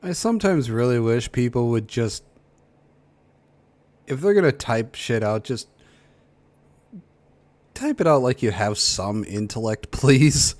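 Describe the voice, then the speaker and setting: A man's voice: mid-range voice, animated, measured pace, pauses often, a little mellow. A man in his thirties making blunt, exasperated side comments during a casual stream. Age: 30s.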